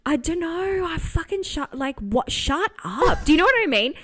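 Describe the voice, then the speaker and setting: A woman in easygoing podcast chat, her voice high and swinging widely in pitch. She is animated and self-mocking, swearing often as she talks. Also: fairly quick. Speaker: podcast co-host. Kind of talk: casual chat.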